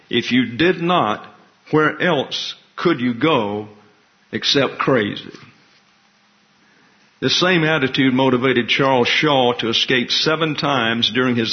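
Man reading history, dull lo-fi audio. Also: medium pitch. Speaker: presenter. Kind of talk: reading a prepared history talk. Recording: dull lo-fi recording.

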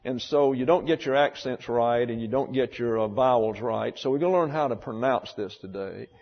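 A man teaching a Bible class, deliberately spelling out and pronouncing terms for his students. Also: mid-range voice. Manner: deliberate, spells out words slowly. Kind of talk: classroom lecture. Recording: dull lo-fi sound in a reverberant hall.

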